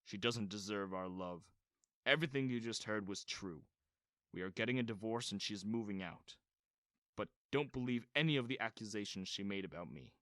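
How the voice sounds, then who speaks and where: A man voicing a stern, controlling father who speaks firmly and calmly. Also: lowish voice, normal speed, no echo, clean studio sound.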